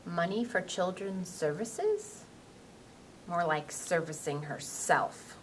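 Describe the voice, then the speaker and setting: A woman's voice: fairly low pitch, slow, noisy background. A woman playing a mock-serious TV news anchor in a home-video news skit. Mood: newsy. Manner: lively, mock-serious newsreader delivery. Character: chirpy female TV news anchor.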